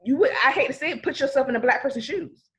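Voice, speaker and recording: A woman co-hosting a casual podcast chat, talking in an animated way and acting out scenarios as she speaks. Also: sits high, fast talker. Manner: animated, acts out scenarios in speech. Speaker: podcast co-host.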